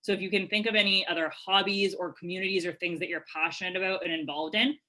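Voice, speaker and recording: Bright, chatty woman coaching a webinar. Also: fairly low pitch, fast, poor audio. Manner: energetic, chatty, many fillers. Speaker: webinar presenter answering questions. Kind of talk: live webinar Q&A, casual coaching. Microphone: webcam video call.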